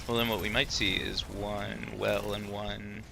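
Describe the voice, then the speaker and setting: A man with a low, gravelly voice chats in a dry, laid-back way while playing. A clear noise hangs behind his voice. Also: little pitch movement, measured pace. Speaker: teammate. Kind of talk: casual gaming chat.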